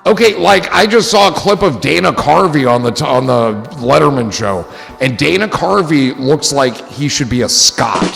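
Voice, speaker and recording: A man's voice: fairly high pitch, animated, normal speed, creaky, a bit bright, long reverb tail, faint music behind. A man hosting a livestream in casual chat, rambling and joking with a loose, swearing manner. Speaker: livestream host.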